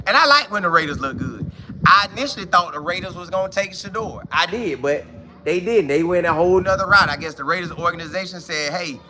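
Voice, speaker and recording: High, sharp-voiced man hosting sports talk. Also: quick pace. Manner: excited, repeats phrases, slangy, talks straight to viewers. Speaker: sports show host.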